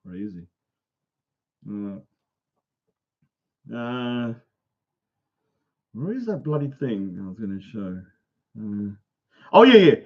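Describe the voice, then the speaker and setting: Animated man ranting in a lo-fi vlog. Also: a little high. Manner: mocking, heated, swears often. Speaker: vlogger. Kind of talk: ranting casual monologue. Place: bungalow room. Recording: dull lo-fi recording.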